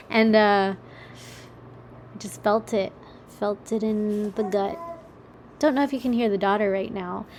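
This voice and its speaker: A young woman rambles through her solo podcast at an unhurried pace, chatty and self-mocking, with casual swearing. She talks from her kitchen table at home, with a faint background hum in the room. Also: medium pitch, fairly even intonation, a little mellow. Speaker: podcast host.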